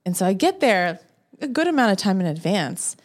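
A woman guest on a podcast, telling a story in a casual, animated way and acting out her own lines. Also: a little fast. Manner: animated, acts out her own quotes with rising pitch.

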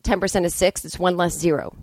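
A woman's voice: lowish voice, steady tone, brisk, darkish tone, dry recording. A woman hosting a solo comedic podcast, telling an exasperated story and acting out both sides of the conversation with blunt, profane asides. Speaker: podcast host. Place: indoors, hotel room.

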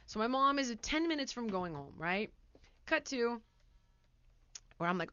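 A woman talk show host telling a story in a casual, animated way, acting out scenes as she goes. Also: lowish voice, fairly quick, no echo, dull audio. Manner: animated, laughs mid-sentence, acts out scenes.

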